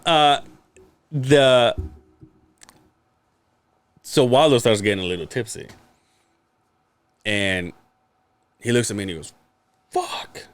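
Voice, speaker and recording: A man's voice: on the low side, clear, resonant tone, dry recording. A man, a podcast co-host, telling a story in casual chat, acting out quotes, laughing and swearing freely.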